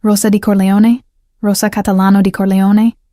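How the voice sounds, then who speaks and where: Picture a quiet, menacing older mafia boss in a storybook reading, as a woman narrator reads his lines. He speaks slowly and softly, in a flat, mellow voice with little rise and fall. The sound is dry and close. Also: mid-range voice, no room sound, lightly acted. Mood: cool, probing. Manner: slow, dangerously soft questioning.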